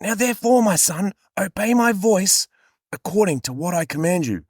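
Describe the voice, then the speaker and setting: A man voicing a scheming mother in whispered role-play, giving hushed orders to her son. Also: high voice, lively intonation, moderate pace, no echo, clean studio sound, pitched above the performer's own voice. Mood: conspiratorial.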